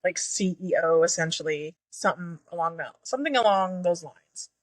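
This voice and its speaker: A woman's voice: on the low side, normal speed, a crowd in the background. A woman in her thirties co-hosting a podcast, chatting casually about a book, blunt and swearing freely, laughing often. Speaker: podcast co-host. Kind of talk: casual book discussion chat.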